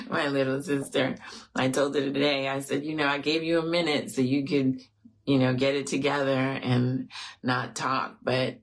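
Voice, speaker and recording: A woman in her forties hosting an affirmations talk, earnest and reflective and close to tears as she grieves, often checking in with "right?". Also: extremely low pitch. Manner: earnest, reflective, speaks to viewers directly, often adds "right?". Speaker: host of an affirmations show. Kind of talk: heartfelt off-the-cuff talk.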